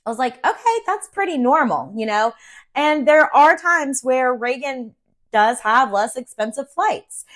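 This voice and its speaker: A middle-aged woman from Central Virginia, a real estate agent, telling a personal story in a chatty, animated way with plenty of fillers. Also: a little high. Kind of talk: casual storytelling vlog.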